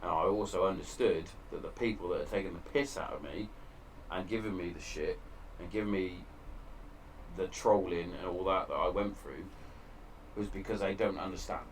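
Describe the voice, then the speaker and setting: Recording in his shed at home, a podcast host with a low-pitched voice speaks at a moderate pace against slight background noise. He's candid and emotional about struggles he's faced, and his casual talk is heavy on profanity.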